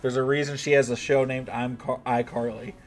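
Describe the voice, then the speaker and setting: A man's voice: medium pitch, level tone, brisk, slight background noise. A man chatting casually on a live game stream, joking with his chat and swearing now and then.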